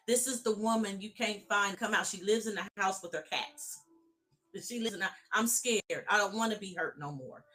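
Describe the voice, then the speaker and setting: Woman life coach, emphatic preacher-style delivery to online viewers, bright and a touch high. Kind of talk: live-streamed motivational talk.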